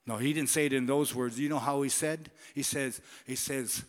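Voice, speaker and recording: A male pastor preaching a sermon in a church, animated and conversational, swinging between loud and whispered passages. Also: mid-range voice, normal speed. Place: church sanctuary. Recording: long church reverb.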